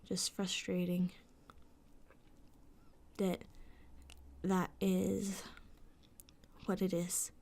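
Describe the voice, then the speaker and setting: A woman's voice: lowish voice, completely flat delivery, drawn-out words, gravelly, pauses often, darkish tone. A woman vents to the camera late at night, sleepless and fed up. Her rant is sarcastic and full of swearing. Now and then her voice sinks to a whisper before it climbs again. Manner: frustrated, sweary, sarcastic ranting; drops into whispers at times. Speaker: vlogger. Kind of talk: late-night venting vlog.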